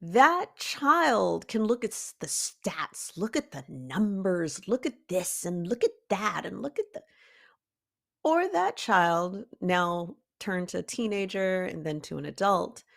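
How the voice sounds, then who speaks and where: A woman hosting a motivational talk for artists, preachy and emphatic, with sudden high rises on key words. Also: big pitch swings, slow, creaky, a bit bright. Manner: emphatic and preachy, calls listeners "baby cakes". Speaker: art coach and podcast host.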